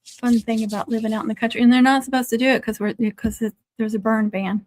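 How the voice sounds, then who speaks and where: A woman's voice: fairly high pitch, fairly even intonation, fast talker, dry recording. Chatty woman livestreaming from home. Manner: chatty, laughs often, talks to her dogs. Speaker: livestream host. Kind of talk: casual livestream chat. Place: home, in the country.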